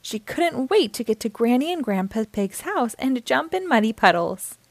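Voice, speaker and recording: A woman reading a picture book aloud to children, with clear, expressive storytelling. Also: fairly high pitch, moderate pace, dry recording.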